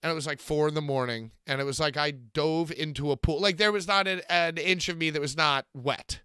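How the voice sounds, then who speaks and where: A man co-hosting a casual podcast chat, loud and joking, swearing freely as he banters. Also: fairly high pitch, fairly quick, clear, resonant tone, no echo, studio quality. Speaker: podcast co-host.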